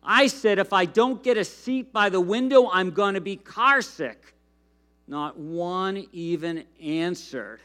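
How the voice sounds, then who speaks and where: A man's voice: high-pitched, takes it slowly, fairly bright tone. A man reading a storybook aloud in the voice of a whiny, grumpy little boy who feels sorry for himself. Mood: aggrieved.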